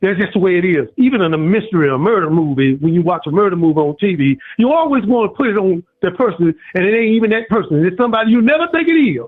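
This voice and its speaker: On a tinny phone line, a man calls into a sports radio show with an impassioned rant, animated and quick with few pauses, soft music behind him. He preaches, repeats himself, and swings high and low.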